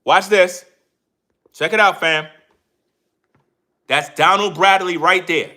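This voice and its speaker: Man ranting on a commentary video, high voice, bright forceful tone, emphatic and repetitive. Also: takes it slowly. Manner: emphatic, repetitive, keeps addressing viewers. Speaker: YouTube commentator. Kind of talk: commentary rant.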